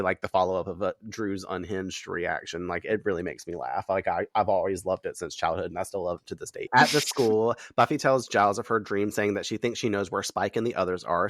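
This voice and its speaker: A man's voice: fairly low pitch, fairly bright tone, dry recording, clean studio sound. A man casually recapping a TV episode, chatty, swearing freely as he tells the story. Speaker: podcast host recapping an episode.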